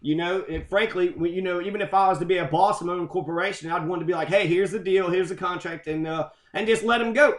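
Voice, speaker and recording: A man rambling through a profane, excitable rant about quotes, swearing constantly as he goes. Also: high voice, quick pace, hardly any pauses, roomy sound. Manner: heavy swearing, loose and excitable. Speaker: commentator on quotes.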